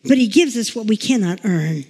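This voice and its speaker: A woman's voice: medium pitch, lively intonation, moderate pace, darkish tone, husky. A woman pastor giving a chatty, emotional sermon, telling stories and laughing along the way. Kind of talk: informal sermon with storytelling. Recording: long reverb in a large room.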